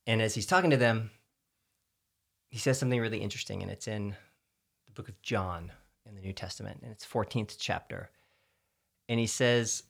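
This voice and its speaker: A man's voice: on the low side, gravelly, fairly bright tone. A man with a Texan accent, co-hosting a casual chat about faith and explaining scripture in an earnest, storytelling way. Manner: earnest, storytelling, filler-heavy.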